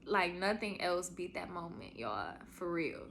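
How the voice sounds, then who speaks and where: A young woman hosting a podcast tells a heartfelt story in chatty conversation, calling her listeners y'all. Her lowish voice is very animated, a bit bright and a little slow, with slight background noise.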